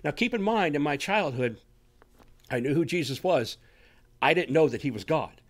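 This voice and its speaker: A man with a slightly high voice delivers a conversational sermon. His pitch swings widely as he presses each point, checking in with his listeners again and again with a quick "okay?". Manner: animated, talks straight to listeners with frequent "okay?". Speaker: radio show host teaching on faith.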